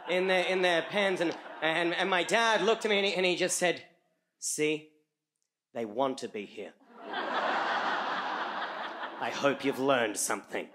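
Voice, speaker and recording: An Australian man tells a comic story on a live stage, in a high, bright voice. He halts often, repeating words and adding fillers. His tone stays lively and sharp. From rural Australia. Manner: halting, with frequent repeats and fillers.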